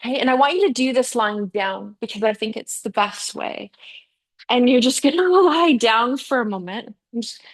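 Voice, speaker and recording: A woman's voice: a little high, moderate pace. A middle-aged woman leads a yoga class in a chatty, encouraging way. She talks students through each movement and fills the gaps with easy "yeah"s and "okay"s. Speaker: yoga teacher. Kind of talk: live guided yoga class.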